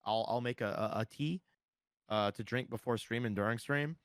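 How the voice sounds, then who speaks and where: A man's voice: medium pitch, moderate pace, clean tone, no room sound, studio quality. A man guest on a podcast, chatting casually with lots of fillers and restarts. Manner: rambling, many fillers and restarts. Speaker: streamer guest.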